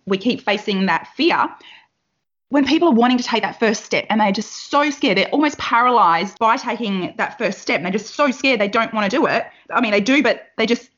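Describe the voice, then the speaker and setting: A woman hosting a podcast, her voice a touch high, asks long and effusive questions. The audio is dull and lo-fi. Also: a bit bright. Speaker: podcast host. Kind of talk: interview questions.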